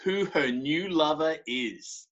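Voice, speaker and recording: A man's voice: on the high side, lively intonation, takes it slowly, dull audio, a crowd in the background. A man co-hosting a podcast, retelling myths in a laid-back, slangy way with casual swearing. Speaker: podcast co-host. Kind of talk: casual storytelling chat.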